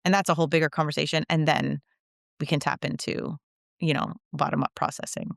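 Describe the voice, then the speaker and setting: A woman's voice: sits low, fairly even intonation, vocal fry, no echo, clean studio sound. A woman coach talking reflectively in a podcast conversation, with frequent light laughs. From United States. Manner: reflective, warm laughs, quick asides. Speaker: intuitive coach, podcast guest.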